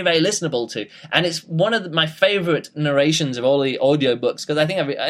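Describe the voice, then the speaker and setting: A man talks through his thoughts on a book in an easygoing, unscripted way. He rambles, trails off and restarts, filling the gaps with ums and you-knows. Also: a little high. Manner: rambling, with frequent fillers and restarts. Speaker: book reviewer. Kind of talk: casual spoken book review.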